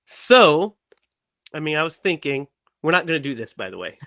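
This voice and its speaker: A man's voice: fairly high pitch, normal speed, no echo. Give me a dry, close man who laughs a lot as a podcast co-host. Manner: laughs often, lively and playful. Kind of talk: casual chat.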